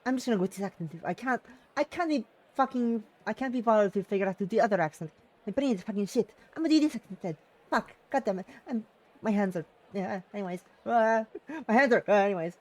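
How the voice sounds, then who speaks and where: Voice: mid-range voice, quick pace, a little mellow. A streamer reading a story game aloud on a live stream, swearing and laughing at their own slips. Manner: swearing, self-mocking, laughing asides.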